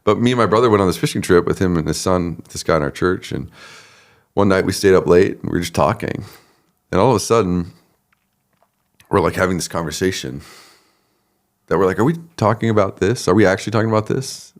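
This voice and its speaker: Male pastor guest, very low gravelly voice, relaxed storyteller who laughs easily. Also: brisk, long pauses. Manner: relaxed, laughs often, acts out quoted people. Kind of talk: conversational storytelling.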